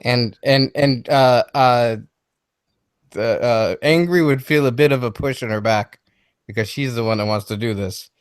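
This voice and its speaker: A man playing a tabletop game, planning moves with halting starts. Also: mid-range voice, clean tone, dry recording. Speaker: player.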